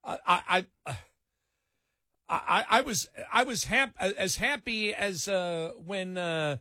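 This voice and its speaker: A man's voice: high-pitched, takes it slowly, sharp tone, dry recording, clean studio sound. A man who hosts a national radio talk show, telling a workplace story in casual chat, animating it by acting out the dialogue and often repeating words.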